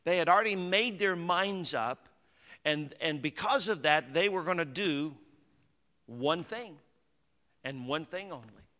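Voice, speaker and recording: A man's voice: a little high, animated, a little slow, pushed and bright. A man preaching a sermon as pastor, chatty and conversational, climbing to emphatic peaks. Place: church sanctuary. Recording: long hall reverb.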